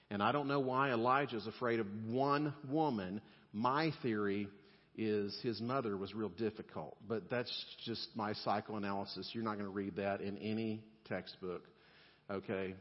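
A male pastor preaching a sermon in a relaxed, conversational way, with humor and softer, gentle passages. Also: mid-range voice, normal speed. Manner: conversational and humorous, dropping to soft gentle tones. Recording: lo-fi sound with long hall reverb.

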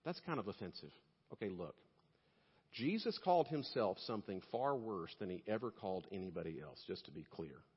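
A male pastor preaching a sermon, telling stories and swinging between loud emphasis and quiet asides. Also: sits low, expressive, brisk, slightly rough, long reverb tail, lo-fi sound.

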